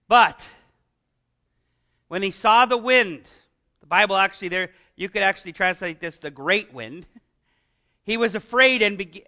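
In a lively, conversational sermon, a middle-aged pastor keeps posing rhetorical questions to his listeners. For a man his voice is unusually high, and it comes across very bright and sharp.

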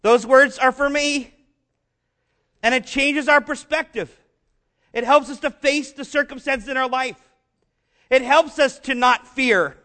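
High, bright-voiced male preacher. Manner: rhetorical questions, emphatic slow repetitions. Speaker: pastor. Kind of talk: sermon.

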